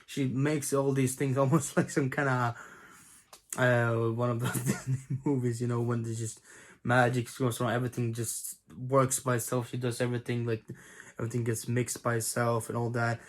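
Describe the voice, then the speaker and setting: Rambling young man clearing his throat. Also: mid-range voice, little pitch movement, moderate pace. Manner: rambling, hesitant, many fillers and restarts, frequent throat clearing. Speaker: video reviewer. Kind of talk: casual spoken review.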